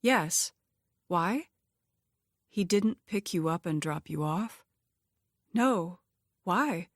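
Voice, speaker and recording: A woman's voice: fairly low pitch, lively intonation, extremely slow, no room sound, heavily acted. Hesitant, flustered widowed mother, read by a woman narrator, dry close recording. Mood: alarmed. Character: nervous widowed mother, young adult woman.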